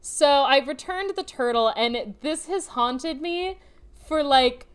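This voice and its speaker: A woman in her twenties telling an animated, flustered story in a casual chat. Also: high voice, takes it slowly. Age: 20s. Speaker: podcast co-host.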